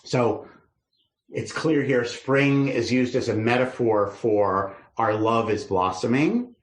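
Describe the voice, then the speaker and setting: Rabbi guy explaining old verses to a class, mid pitch, lively musing, echoey room. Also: takes it slowly. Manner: reads verses aloud then explains them, lively and musing. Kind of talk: text study lesson. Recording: roomy echo.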